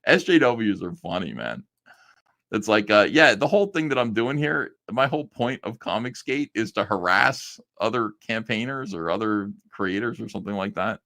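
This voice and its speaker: A man's voice: on the low side, big pitch swings, normal speed, creaky, sharp tone. A man hosting a live stream in casual chat, laughing often as he reacts to clips.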